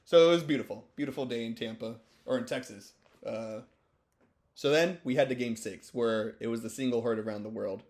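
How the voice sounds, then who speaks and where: A man's voice: medium pitch, fairly quick, darkish tone. A stoned man giving rambling, joking, profane commentary over sports clips. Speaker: video host.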